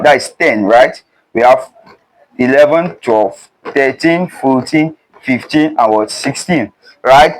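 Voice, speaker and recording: A man's voice: mid-range voice, poor audio. A young man teaching a chemistry exam prep lesson. He keeps prompting with "what?" before each answer, in a call-and-response way. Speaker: chemistry tutor.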